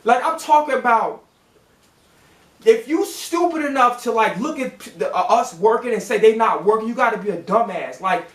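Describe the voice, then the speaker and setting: A man's voice: sits high, expressive, brisk, a bit bright. A man telling a casual storytime in a heated, profane rant that acts out both sides of an argument. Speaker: storytime vlogger. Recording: roomy echo.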